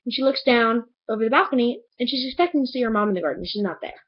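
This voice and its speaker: A woman's voice: on the high side, expressive, racing, husky, highs cut off. A young woman in a casual book review vlog, chattily retelling a plot with lots of "like". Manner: gushing, chatty retelling with many "like"s.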